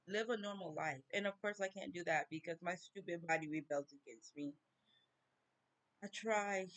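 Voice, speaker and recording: Woman, vlog rant, slow and halting, close to crying. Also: on the low side. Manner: slow, halting, tearful grief. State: near tears. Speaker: vlogger. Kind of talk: personal rant to camera.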